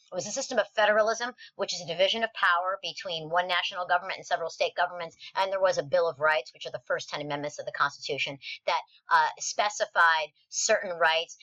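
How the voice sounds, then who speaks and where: A woman teaching a history lesson over slides in a recorded video, chatty and animated, with playful asides. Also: lowish voice, dull audio.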